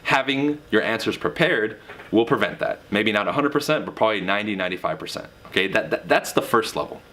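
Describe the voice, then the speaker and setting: A man's voice: expressive, quick pace, pushed and bright. A man coaching salespeople on handling objections in a direct, casual motivational monologue, pushing his voice up sharply to stress points. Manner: emphatic, swings pitch for emphasis; direct, casual with mild swearing. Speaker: real estate sales coach.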